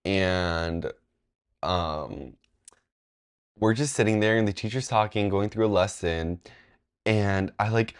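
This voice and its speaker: A young man telling a casual storytime, rambling with lots of fillers and jumping into high, loud voices when he quotes people. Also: slow, long pauses, clean tone. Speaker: vlogger.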